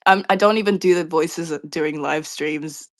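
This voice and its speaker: A woman's voice: deep voice, moderate pace, very noisy. A woman co-hosting a casual chat, with a playful, teasing manner. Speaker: co-host.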